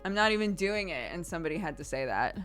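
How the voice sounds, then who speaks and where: Woman streamer, 30s, lower-pitched, easygoing chatter with frequent laughs. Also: fast talker, soft background music. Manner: relaxed and chatty, laughs often. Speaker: streamer answering chat. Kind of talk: casual chat.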